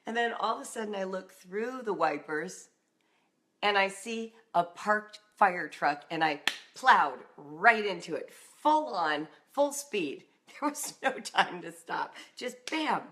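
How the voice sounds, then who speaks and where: A middle-aged woman from Southern California, a writing and homeschooling coach, telling a personal story in an animated way and acting out voices. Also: mid-range voice, takes it slowly.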